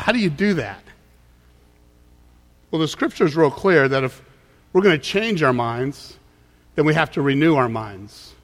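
A man delivers a sermon in a conversational way, often slipping into quick voices to act out what people say. His voice sits a little high for a man. The sound carries a long reverb from a large church hall. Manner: conversational, acts out quoted voices. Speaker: pastor.

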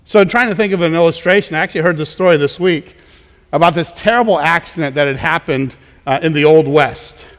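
In a church sanctuary, a male pastor delivers a conversational sermon, often repeating words and restarting his sentences. His voice is a little high, fairly quick and slightly bright, and the recording carries the long reverb of a large hall.

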